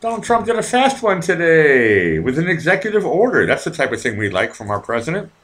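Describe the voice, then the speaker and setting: A man's voice: on the high side, very animated, a little fast, fairly bright tone. A man hosting his own live online show, chatting casually to his viewers, rambling and swearing a lot while drinking. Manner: rambling, profane, talks to the chat. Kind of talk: casual live-stream chat.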